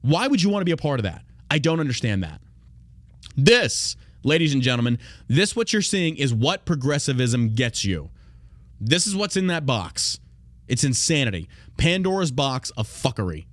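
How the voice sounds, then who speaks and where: A man's voice: medium pitch, very animated, normal speed, no echo, clean studio sound. A man hosting a political podcast, reading news aloud and ranting in a heated, profane way. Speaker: podcast host.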